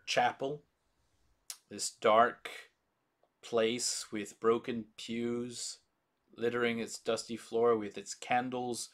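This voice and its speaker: A man narrating a tabletop game as game master, describing scenes in slow, descriptive detail. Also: mid-range voice, a bit bright.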